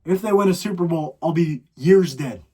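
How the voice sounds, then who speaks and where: A teenage boy rants into his own podcast mic, complaining in a dramatic, exasperated way. His voice sits a little high for a young man. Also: moderate pace, warm tone, slightly rough. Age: teens. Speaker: podcast host. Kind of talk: solo podcast rant.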